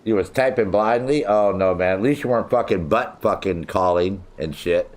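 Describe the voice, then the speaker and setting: A man's voice: low-pitched, normal speed. A man chatting casually with his viewers while streaming a game, swearing freely, joking around and laughing often. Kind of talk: casual livestream chat.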